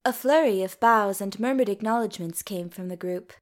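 A woman reading a story aloud in a steady, even narration. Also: medium pitch, normal speed.

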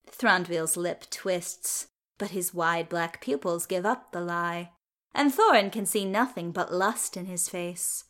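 Woman reading a story aloud, unhurried. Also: on the low side, fairly bright tone. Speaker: reader.

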